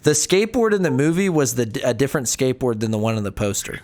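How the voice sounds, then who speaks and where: A man's voice: medium pitch, very animated, quick pace, a little mellow. A man co-hosting a casual film review podcast, joking and rambling with frequent restarts. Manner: joking, rambling, self-interrupting. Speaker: podcast co-host.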